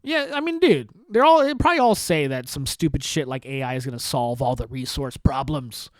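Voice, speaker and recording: A man's voice: mid-range voice, lively intonation, fairly quick, dry recording. A man hosting a solo podcast, talking in a sarcastic, profane ranting commentary. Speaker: podcast host.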